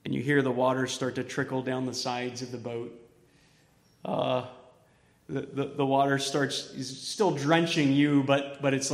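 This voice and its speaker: A pastor delivers a sermon with a bright, forceful edge, painting the scene vividly as he swings from loud urgency down to hushed near-whispers. His voice sits a little high for a man. It rings through a roomy church hall with a long reverb. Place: church stage.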